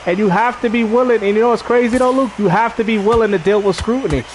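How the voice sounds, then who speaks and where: A gaming streamer with a high-pitched voice talks fast to his chat while he plays, preachy and emphatic in a casual livestream. There's a slight hiss or hum on the recording.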